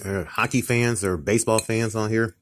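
A tired, upset man talking casually to camera in a vlog, halting and repetitive, often restarting his sentences. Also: lowish voice, fairly even intonation, fairly bright tone, a little hiss or hum. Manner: upset, ranting tone. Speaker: vlogger. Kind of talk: casual mukbang vlog talk.

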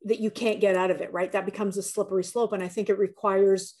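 A woman's voice: mid-range voice, little pitch movement, quick pace, darkish tone. A woman coach talking as a podcast guest, telling personal stories in an earnest, candid way and often repeating words as she thinks aloud. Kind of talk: candid conversational storytelling.

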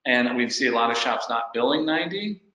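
A man's voice: medium pitch, expressive, a little fast, pushed and bright, reverberant, poor audio. A man co-hosting a business webinar, asking practical what-if questions from a shop owner's point of view. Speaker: webinar co-host.

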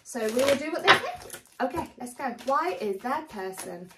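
A woman tarot reader chatting casually to her viewers, a little hoarse as she starts losing her voice. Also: high voice, normal speed, far from the mic, noisy background. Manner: chatty, animated, warmly addresses viewers. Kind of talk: casual tarot reading to camera.

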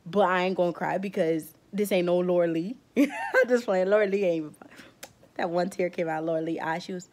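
A woman's voice: on the low side, fairly even intonation, brisk, darkish tone. A woman beauty vlogger giving a blunt, emotional rant in casual slang, close to tears. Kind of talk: heated vlog rant.

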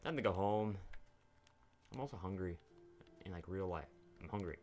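A man's voice: low voice, normal speed, a little mellow, soft background music. A young man giving casual, rambling commentary while playing a video game, swearing freely and talking to the characters on screen. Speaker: gaming YouTuber.

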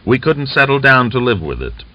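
A man's voice: medium pitch, sing-song, moderate pace, no echo, voice pushed up. A man reading aloud, voicing a scheming, boastful Cossack rebel leader who talks with coaxing, smug confidence, on a dull lo-fi recording.

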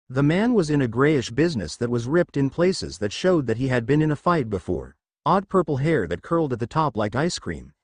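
A man narrating a fan fiction story in an expressive storytelling voice. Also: mid-range voice, dry recording.

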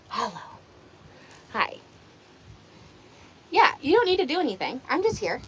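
A woman's voice: sits high, wildly swooping pitch, takes it slowly, pauses often, fairly bright tone, a little hiss or hum. A woman hosting a casual livestream outdoors among her goats, talking into a phone on a selfie stick, cooing baby talk to the animals and laughing often. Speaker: livestream host on a goat farm.

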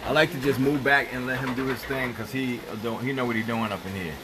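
Over background noise, a Jamaican-accented man hosts a home-kitchen cooking stream, talking fast in a steady, medium-pitched voice as he reads comments, greets viewers by name and keeps things playful.

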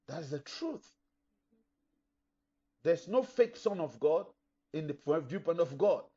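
In a dull, lo-fi recording, a middle-aged pastor preaches emphatically and voices objections from imagined listeners. His voice is mellow and sits a little high for a man.

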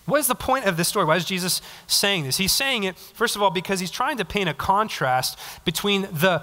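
A young man preaching a casual, conversational sermon, animated, acting out little quotes. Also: high voice, fairly quick, few pauses, long reverb tail. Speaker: pastor. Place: church sanctuary.

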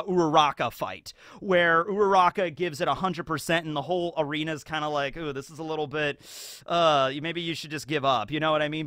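A man's voice: on the high side, no room sound, studio quality. A man giving casual, rambling fan commentary as a YouTube commentator, full of fillers. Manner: rambling, filler-heavy, animated.

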